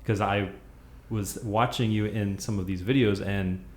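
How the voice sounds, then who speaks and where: A man's voice: lowish voice, steady tone, a little slow. A man hosting a podcast interview in an easygoing way, leading with questions about his friend's past. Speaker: podcast host. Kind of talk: casual interview. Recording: echoey room with faint noise.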